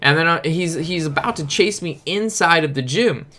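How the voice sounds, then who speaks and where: A man's voice: a little high, moderate pace. Profane, rambling young gaming streamer man. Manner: rambling, profane, animated storytelling. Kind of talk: casual storytelling while playing a card game.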